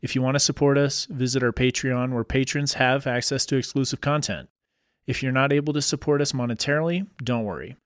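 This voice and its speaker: A man's voice: mid-range voice, a little fast, no room sound. A male podcast host reading a closing script in an upbeat, friendly tone. His mid-range voice sounds close and completely dry. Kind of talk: read sponsor-style outro.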